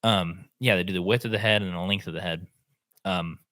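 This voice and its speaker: Low-voiced man telling a story. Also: fairly quick, no echo, studio quality. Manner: animated, acts out quotes in voices. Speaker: podcast host. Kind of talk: casual storytelling chat.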